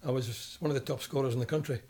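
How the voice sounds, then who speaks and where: Older Scottish ex-footballer, lively storyteller who mimics the people he quotes. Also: medium pitch, rapid-fire. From Scotland. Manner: animated storyteller, acts out quoted voices. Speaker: guest, former footballer. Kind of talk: storytelling interview.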